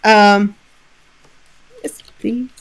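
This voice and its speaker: A woman from Texas tells an animated story in a casual livestream chat and laughs often. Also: medium pitch, extremely slow, clean tone. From Southern Texas. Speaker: guest.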